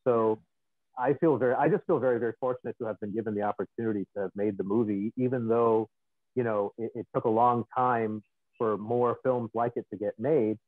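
A man, a filmmaker, speaking thoughtfully and haltingly on a video call. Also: medium pitch, fairly even intonation, dry recording. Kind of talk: casual panel talk. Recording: tinny dry phone-like line.

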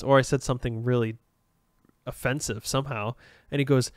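A man's voice: mid-range voice, lively intonation, a little fast, dry recording, studio quality. A man hosting a solo podcast, rambling and self-aware, with frequent restarts and fillers. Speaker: podcast host.

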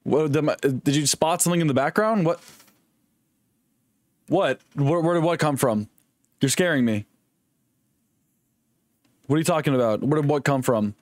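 A young man streaming a video game, chatting casually in a rambling, jokey, excitable way and swearing often. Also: a little high, moderate pace, dry recording. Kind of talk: casual live-stream gaming chat.

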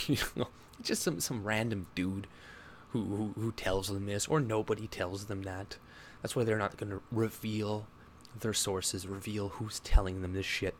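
A man with a somewhat low voice rambles through casual commentary, laughing often. He mocks others by jumping up into a higher-pitched imitation of them. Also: a little slow, slight background noise. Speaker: political commentary vlogger.

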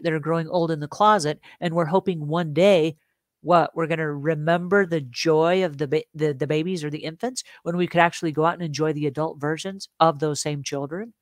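Middle-aged woman chatting live to viewers, animated, dry close sound. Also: low voice, no echo. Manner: chatty, animated, asks the audience questions. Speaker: host. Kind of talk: casual live-stream talk.

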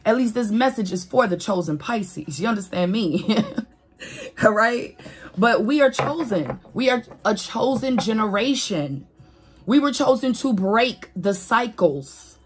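A woman giving a casual spiritual reading to camera, animated and preachy, talking straight to her viewers with swearing and laughs. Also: a little high, unhurried, faint music behind. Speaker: tarot reader.

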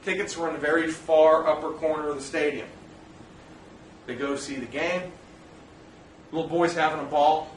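This father of a child with special needs speaks earnestly and plainly to other dads, sharing personal stories in an informal talk. His voice is a little high with fairly even intonation, at a moderate pace with frequent pauses. The mic sits at a distance, picking up roomy echo, faint ambience, and slight background noise.

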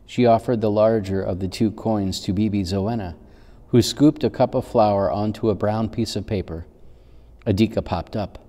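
A male pastor reads a children's story in a gentle, unhurried manner. His voice is low and mellow, and a long reverb from the church hall trails behind it. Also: fairly even intonation.

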